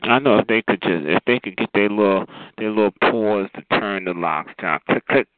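A man's voice: lowish voice, moderate pace, dry recording. A man hosting a call-in show, sassily roasting a caller and drawling "child" and "honey" between every jab. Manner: sassy, drawling, calls others child and honey. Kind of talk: sassy comedic roasting on a phone call. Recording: tinny phone line.

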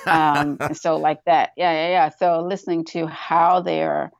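A woman's voice: sits low, little pitch movement, a little slow, creaky, no echo. A woman co-hosting a casual podcast discussion, chatty with many fillers, acting out quoted voices as she explains. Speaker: podcast co-host.

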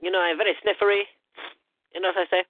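A man's voice: sits high, level tone, a little hiss or hum, close to an everyday voice. A man doing a blustering Korean-accented caller. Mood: rambling. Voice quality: halting broken English, filler-heavy. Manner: touchy, easily offended. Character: blustering self-important male caller, rambling. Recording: phone-like lo-fi line.

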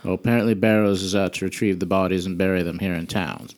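Deep-voiced player guy, calm and polite, takes his time. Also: quick pace. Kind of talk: in-character role-play.

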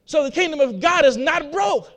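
A man's voice: very high-pitched, expressive, normal speed, a bit bright. A man preaching a sermon, repeating his points and putting rhetorical questions to his listeners. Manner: repetitive, asks the audience rhetorical questions.

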